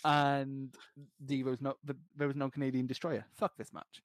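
A man's voice: mid-range voice, flat delivery, moderate pace, dry recording. A man with a hard-to-place English accent, co-hosting a casual podcast, swearing freely and laughing through his stories. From Scotland. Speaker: podcast co-host. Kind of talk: casual chat.

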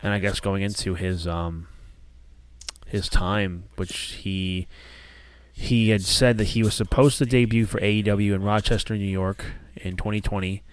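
A male podcast co-host with a somewhat low voice, chatting casually. He rambles with animation, doubling back and restarting as he goes. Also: steady tone, moderate pace, clear, resonant tone, no room sound.

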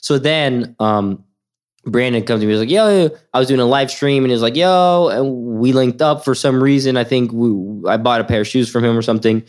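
Young Swedish-raised man telling animated stories. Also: mid-range voice, a little fast. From Sweden. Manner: animated storyteller, acts out voices in quoted lines. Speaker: podcast guest. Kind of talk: casual storytelling.

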